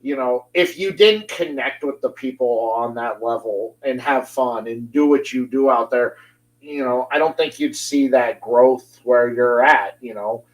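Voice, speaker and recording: A man's voice: medium pitch, rough recording. A man hosting an interview show, teasing his guest in an easygoing, casual chat. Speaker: show host.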